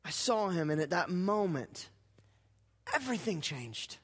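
A man preaching a sermon as pastor, dramatic, swinging from hushed lines to loud, fervent ones. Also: sits high, sing-song, unhurried, husky. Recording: hall reverb.

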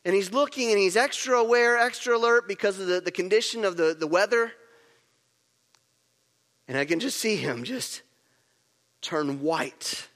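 A man with a high voice preaches a sermon, retelling a story and acting out each moment with lively energy. His voice carries a long reverb, as if recorded in a hall. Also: normal speed, long pauses. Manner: animated storytelling, acts out scenes. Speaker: pastor.

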